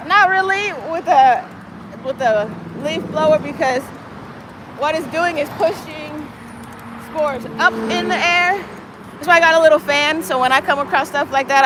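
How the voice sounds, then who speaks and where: High-voiced woman rambling on a street. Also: noisy background. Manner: profane, meandering, talks to her cat in baby talk. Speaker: live streamer. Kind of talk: casual rambling livestream. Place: outdoors on a city street, walking.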